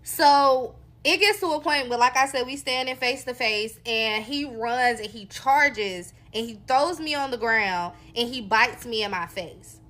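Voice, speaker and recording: A woman's voice: on the high side, a little slow, few pauses, sharp tone. A woman from North Carolina, candidly telling viewers her own story in a casual, conversational way. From North Carolina, USA.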